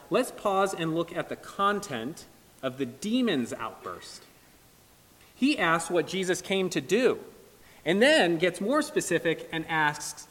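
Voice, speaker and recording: A man preaching an earnest, emphatic sermon with dramatic pauses in a church. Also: on the high side, fairly bright tone. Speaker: pastor. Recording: long reverb of a large hall.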